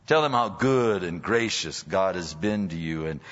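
A man's voice: deep voice, lively intonation, moderate pace, a bit bright. A male pastor preaching a sermon in a church, emphatic and sometimes mockingly sarcastic. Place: church sanctuary. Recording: dull audio with long hall reverb.

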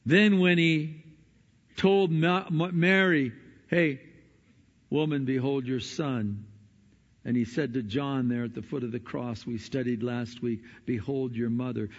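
A male pastor preaching a sermon in earnest tones, moving between hushed passages and emphatic ones. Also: medium pitch. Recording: dull sound in a reverberant hall.

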